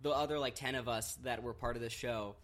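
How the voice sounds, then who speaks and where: A man's voice: medium pitch, fairly even intonation, fairly quick, fairly bright tone. A man co-hosting a podcast in casual chat, sleepy after a late night and rambling with many fillers. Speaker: podcast co-host.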